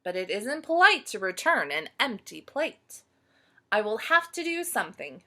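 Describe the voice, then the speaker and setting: A woman's voice: fairly high pitch, sing-song, moderate pace, bright, forceful tone, heavily acted. A woman voicing a cheerful, literal-minded housekeeper in a children's storybook, speaking politely and matter-of-factly. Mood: earnest. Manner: earnest, polite, matter-of-fact.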